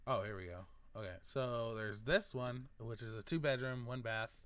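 A man's voice: medium pitch, moderate pace, fairly bright tone, smooth. A man hosting a gaming video, chatting casually and thinking aloud as he picks options. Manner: rambling, thinking aloud while choosing options. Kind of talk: casual let's-play commentary.

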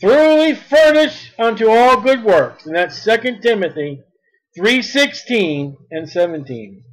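A man preaching a sermon, reading scripture slowly and then speaking emphatically. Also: high voice, big pitch swings, low-quality recording.

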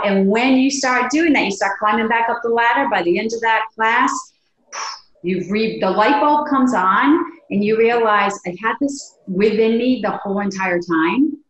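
A woman being interviewed as a podcast guest, telling stories in a lively way and acting out the dialogue she quotes. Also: medium pitch, moderate pace. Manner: animated, acts out quoted dialogue. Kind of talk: conversational storytelling. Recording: echoey room.

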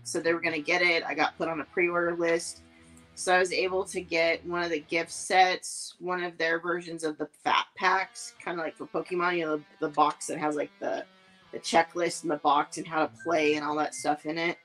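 Woman, low voice, casual podcast chat, rambling, lots of fillers, faint music behind. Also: little pitch movement, normal speed, a bit bright, poor audio. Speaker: podcast co-host.

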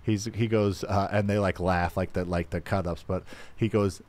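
Rambling low-voiced male podcast host. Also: fairly even intonation, normal speed, darkish tone. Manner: rambling, lots of fillers and restarts. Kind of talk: casual live podcast chat.

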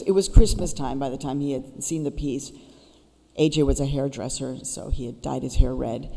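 Woman keynote speaker, storytelling, urging, mellow tone, long hall echo. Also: rumbling low, steady tone, moderate pace, vocal fry. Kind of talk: public speech. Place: school auditorium. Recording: reverberant auditorium.

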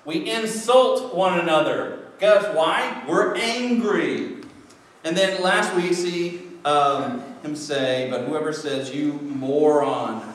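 Man preaching, high voice, far from the mic, echoey church sanctuary, conversational. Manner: conversational, jokey, acts out quoted excuses. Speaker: pastor. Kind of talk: sermon.

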